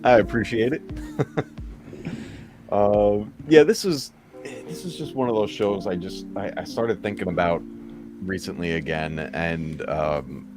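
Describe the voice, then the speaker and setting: Deep-voiced man hosting a casual stream. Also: unhurried. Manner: rambling, nostalgic, chuckles often. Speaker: stream host. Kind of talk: casual live-stream chat. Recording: music playing under the voice.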